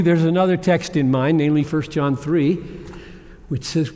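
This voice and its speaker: A man preaching a sermon, swinging between loud exclamations and hushed whispers. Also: on the high side, steady tone, moderate pace. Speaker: pastor. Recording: long hall reverb.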